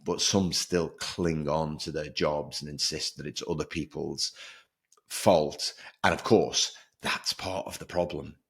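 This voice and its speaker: A man hosting a solo podcast, talking in an energetic, emphatic way and repeating words for stress. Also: a bass voice, a little slow. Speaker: podcast host.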